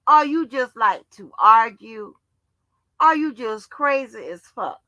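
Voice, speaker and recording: A woman's voice: fairly high pitch, expressive, slow, bright, forceful tone, dry recording, lo-fi sound. A woman hosting a livestream, ranting in a casual monologue full of profanity and exasperated rhetorical questions. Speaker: livestream host.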